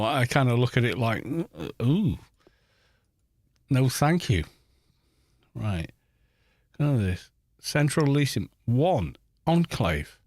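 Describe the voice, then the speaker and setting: A man of middle pitch rants bluntly through a live game stream, swearing freely and padding his points with "you know". The sound is dry and close. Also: a little mellow, no room sound. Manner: rambling with frequent "you know". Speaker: gaming YouTuber streaming. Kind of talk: casual live-stream commentary while playing.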